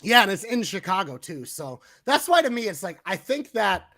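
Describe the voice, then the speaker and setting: High bright chatty man. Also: normal speed, dry recording. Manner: chatty, excitable, swears casually. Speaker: podcast host. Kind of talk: casual wrestling podcast chat.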